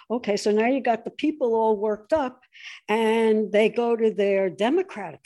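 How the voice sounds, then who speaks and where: A woman in a political conversation, talking animatedly and mocking opponents with shrill put-on voices. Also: moderate pace, dark tone.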